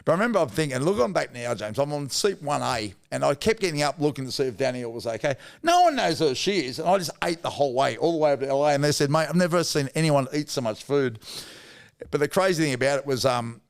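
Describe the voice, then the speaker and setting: Gravelly Australian bloke telling yarns. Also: male voice, on the high side, animated, fast talker. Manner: blokey, rambling anecdotes with mild swearing. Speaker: podcast guest. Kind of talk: casual storytelling.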